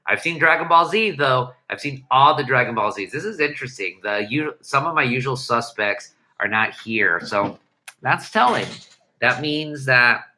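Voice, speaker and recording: A man's voice: mid-range voice, expressive, moderate pace, bright, forceful tone. A man hosting a livestream, chatting casually and irreverently with viewers, swearing often and rambling through restarts. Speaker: livestream host.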